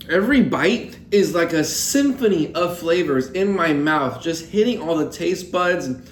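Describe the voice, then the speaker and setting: A man's voice: a little high, expressive, measured pace, a little hiss or hum. A man giving an upbeat, hyped recipe voice-over that speaks straight to the viewers. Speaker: home cooking creator. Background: background music.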